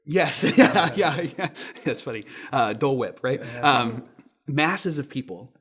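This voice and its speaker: A man in his thirties, a pastor giving a sermon with lively storytelling, acting out quotes in raised voices. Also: medium pitch, a little slow.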